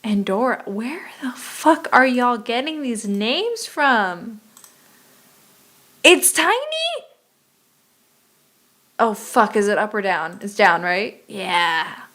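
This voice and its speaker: A woman's voice: mid-range voice, expressive, slow pace, pauses often, a bit bright. A young woman streaming a geography game, chatting casually and muttering profanely in exasperation as she plays.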